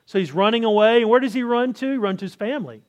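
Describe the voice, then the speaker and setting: A man with a fairly high voice delivers a sermon in a loose, conversational style. He keeps asking the listeners rhetorical questions and often restarts his sentences mid-thought. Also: fast. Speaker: preacher. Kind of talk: expository sermon.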